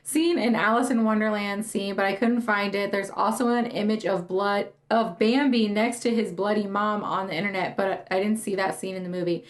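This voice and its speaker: A woman's voice: medium pitch, steady tone, normal speed, few pauses. Giggly young woman podcast co-host. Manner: giggly, gushing, voice cracking. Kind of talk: casual chat.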